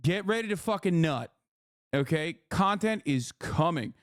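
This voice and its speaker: A man live-streaming to his chat, emphatic and profane, often checking in with a quick question. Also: a little high, animated, dry recording, studio quality. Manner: emphatic, profane, keeps asking "okay?". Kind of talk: livestream chat.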